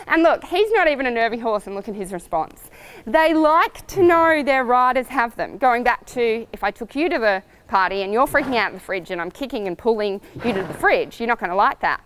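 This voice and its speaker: A woman riding coach giving upbeat, lively advice to riders in a coaching video. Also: on the high side, a little fast, a little hiss or hum. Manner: lively and upbeat, acts out voices, laughs easily.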